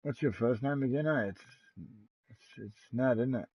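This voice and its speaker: A man's voice: mid-range voice, moderate pace, breathy edge, no echo. A middle-aged Australian man streaming a game live, chatting in crude, boastful banter with lots of swearing. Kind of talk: casual live-stream gaming chat. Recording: dull lo-fi dry sound.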